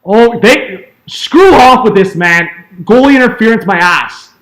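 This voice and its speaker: A young man calling a hockey game as an excitable fan streamer, yelling at big plays and chatting with viewers. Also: high voice, measured pace. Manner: yells and laughs at big plays, chats with viewers. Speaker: fan streamer doing live play-by-play. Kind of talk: excitable fan play-by-play commentary.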